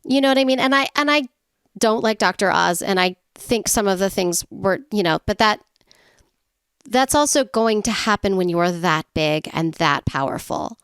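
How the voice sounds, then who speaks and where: Smooth-voiced chatty woman co-host. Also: medium pitch, lively intonation, a bit bright, no room sound, clean studio sound. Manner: quick, chatty, playful asides. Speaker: podcast co-host. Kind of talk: casual chat.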